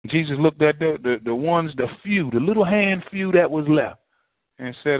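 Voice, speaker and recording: Folksy preacher over a tinny phone line. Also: male voice, on the high side, lively intonation, brisk, dry recording. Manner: folksy, repetitive preaching with rhetorical questions. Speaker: pastor. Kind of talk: sermon.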